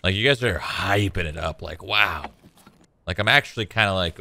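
A man's voice: low-pitched, moderate pace, creaky, bright, forceful tone, slight background noise. A man streaming a shooter game, chatting casually to viewers with a laid-back, joking manner and frequent swearing. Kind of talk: casual gameplay commentary.

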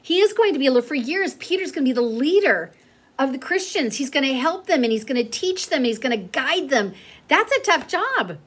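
A woman's voice: high-pitched, very animated, moderate pace. A middle-aged woman teaching a Bible lesson to children and praying in an earnest, tender way. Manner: tender, earnest, turns to soft whispered prayer.

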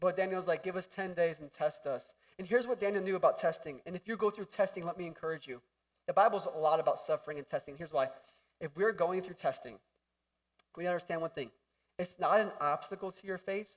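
Male pastor, high voice, animated, jokey, preaching in a church hall. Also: fast, distant mic. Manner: animated, jokey, acts out voices and shouts for emphasis. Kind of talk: sermon.

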